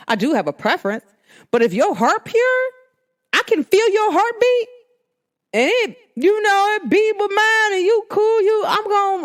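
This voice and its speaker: A young woman with a New Jersey–New York accent hosting a solo podcast, talking in an animated, emphatic and slangy way. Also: fairly high pitch. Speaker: podcast host. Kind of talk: casual solo podcast monologue.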